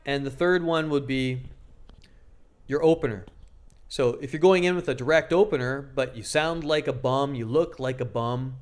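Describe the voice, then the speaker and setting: A man's voice: medium pitch, moderate pace. A man giving casual dating advice to camera, joking and crude, often acting out what people say. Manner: joking, crude, acts out quoted lines in exaggerated voices. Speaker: dating coach.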